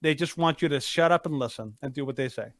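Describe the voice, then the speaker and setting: A man's voice: on the high side, fast, no echo. A man co-hosting a podcast, talking casually and emphatically, often searching for his words. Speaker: podcast co-host. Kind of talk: casual opinionated chat.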